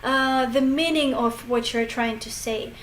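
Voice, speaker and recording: A woman with a high voice teaches English pronunciation at an unhurried pace. She says example phrases slowly and carefully. The room sounds echoey, with a faint hiss underneath.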